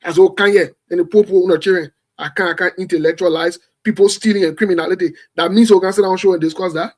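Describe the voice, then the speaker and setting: A man's voice: sits high, steady tone, fast, darkish tone. A man from Liberia hosting a show, speaking bluntly and emphatically in impassioned political commentary, repeating phrases for force. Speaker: show host. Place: home in the United States.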